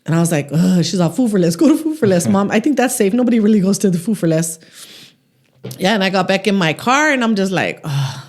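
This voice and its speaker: A middle-aged woman chatting on a podcast, spinning her stories with acted-out voices for everyone in them. She talks at an easy, ordinary pitch and curses casually as she goes. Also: fast talker. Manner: animated storyteller acting out quotes, swears freely. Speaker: podcast co-host. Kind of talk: casual chat, storytelling.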